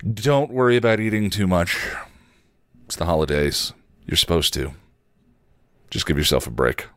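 A man hosting a podcast, reading a story aloud in a steady, even way. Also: sits low, moderate pace, no echo, clean studio sound. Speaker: podcast host and story reader. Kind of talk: storytelling narration.

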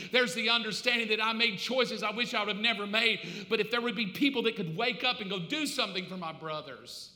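Man, pastor, sermon, dramatic, loud to hushed, sharp bright voice, roomy hall echo. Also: sits high, fast talker, few pauses. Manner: dramatic, swings from loud preaching to hushed confessional asides.

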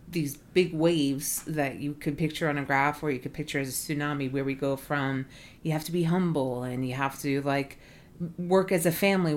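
A woman in casual conversation, talking earnestly with lots of "like" and "you know". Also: low voice. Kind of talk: casual podcast chat.

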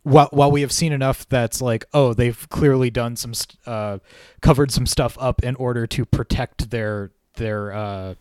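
A man's voice: mid-range voice, fairly even intonation, moderate pace, a little mellow, smooth. A man co-hosts a casual podcast in a mid-range voice. He builds his points analytically, hedging with fillers as he goes. The sound is dry, with no room echo. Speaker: podcast co-host.

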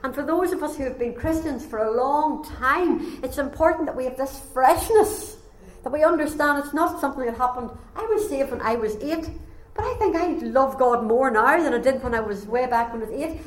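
A woman preaching a sermon, telling a story with animated delivery and acting out the voices. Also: high-pitched, moderate pace. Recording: echoey room, faint ambience.

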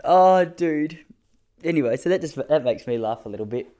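This is a casual storytelling monologue from a thirty-something Australian man whose fairly high, warm voice stays animated at a moderate pace. His humor is crude and self-mocking, and he laughs at his own jokes.

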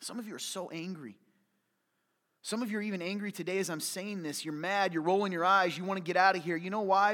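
A pastor preaches a sermon passionately in a reverberant hall, his voice sitting high. He drops to hushed near-whispers, then rises to loud, urgent appeals.

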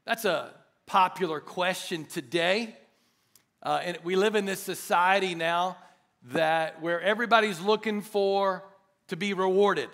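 A middle-aged male pastor delivers a sermon in a high, ringing voice. He is animated and conversational, tossing jokes and asides to the congregation in the hall. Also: normal speed. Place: church hall.

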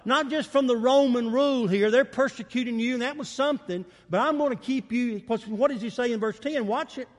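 A man preaching from the pulpit with a very high, lively voice that rises and falls across every phrase. He calls out to the congregation for amens and slips into voices for the people he quotes. The sound rings with the long reverb of a large church hall. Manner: emphatic preaching with call-and-response, acts out quotes. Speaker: pastor. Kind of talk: sermon. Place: church sanctuary.

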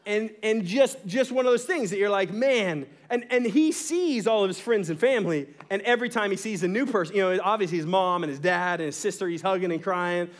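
A male pastor giving a sermon, telling a story in an animated way, often tossing in "right?" and laughing as he goes. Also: high voice, normal speed.

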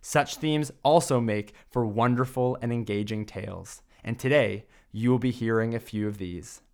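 A man's voice: medium pitch, normal speed, darkish tone. A man co-hosting a book podcast, delivering a scripted, theatrical monologue in a grand, proclaiming manner. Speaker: podcast co-host.

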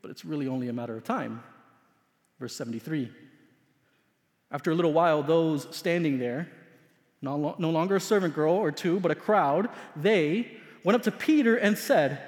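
A man preaching a sermon as pastor, telling a story dramatically, swinging between loud emphasis and hushed asides. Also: on the high side, normal speed, long pauses. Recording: long hall reverb.

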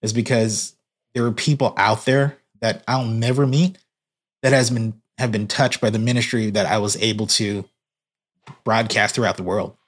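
A man's voice: fairly low pitch, fairly even intonation, normal speed. A man, a guest on a podcast, telling an earnest story about his work in church broadcasting. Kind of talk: casual podcast conversation.

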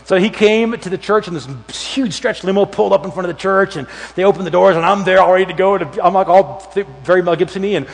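A man preaching a sermon as pastor, animated and acting out the voices of the people in his stories. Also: high-pitched, fast, gravelly, few pauses. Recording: long hall reverb.

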